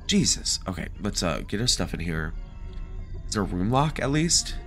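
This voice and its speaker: Man, gaming commentary, jokey, animated, low voice with a wide swinging pitch. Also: moderate pace, faint music behind. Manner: animated, jokey, talks to game characters. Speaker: gaming video creator. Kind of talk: let's play commentary.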